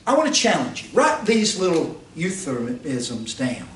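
Fiery high-voiced preacher. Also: male voice, wildly swooping pitch, a little slow. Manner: rhetorical questions, pitch swings, rises to shouts. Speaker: pastor teaching a Bible institute class. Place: church classroom. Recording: roomy, distant mic, faint hiss.

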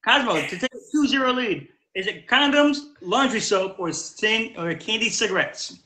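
A man hosting a live-stream trivia game, upbeat and reading the answer options out slowly as a list. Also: high-pitched, animated, sharp tone, roomy sound. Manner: upbeat, repeats questions slowly, reads options as lists. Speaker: game show host.

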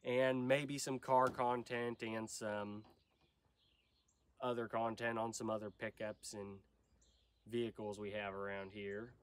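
A man's voice: fairly low pitch, level tone, takes it slowly, smooth. A young man with a nasal voice from a cold, talking casually and rambling as host of a truck vlog. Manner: rambling, unscripted, many fillers. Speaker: channel host.

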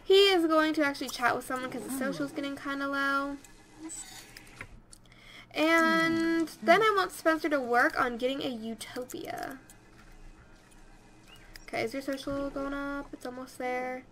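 A woman's voice: high-pitched, measured pace, long pauses, noisy background. A young woman giving rambling, casual commentary over her video game and talking to her characters. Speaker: let's play host.

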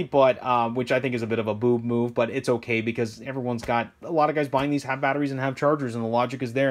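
Chatty man rambling through a review. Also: medium pitch. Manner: rambling, chatty, self-deprecating, keeps asking okay?. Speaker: hobby shop owner reviewing RC trucks. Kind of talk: casual product review.

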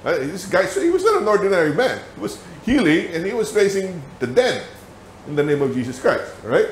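Filipino-accented male Bible teacher, lively storyteller, slightly high pitch, echoey church room. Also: a little fast, slight background noise. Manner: animated storytelling with laughter. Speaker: Sabbath school teacher. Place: church hall.

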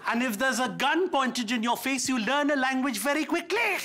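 A man's voice: very high-pitched, expressive, fairly quick, few pauses, a crowd in the background. A man from India with an Indian English accent doing a stand-up comedy set in a theatre, dry and mock-polite with punchy asides. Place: theatre stage before a live audience. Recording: live theatre mic with audience noise. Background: audience laughter.

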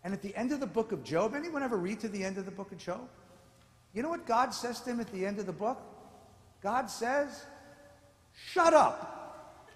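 A man with a high, very lively voice gives a rabbi's lecture, theatrical and playful, acting out voices and joking with the crowd. His voice rings through a large sanctuary with a long, roomy reverb. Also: fairly quick. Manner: theatrical, acts out voices, jokes with audience. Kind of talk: lively sermon-style lecture. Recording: echoey hall with long reverb.

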